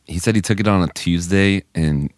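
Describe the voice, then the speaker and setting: A man's voice: low-pitched, normal speed, clear, resonant tone, no room sound, studio quality. A man co-hosting a podcast, chatting casually and joking with a lot of laughter. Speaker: podcast co-host. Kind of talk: casual chat.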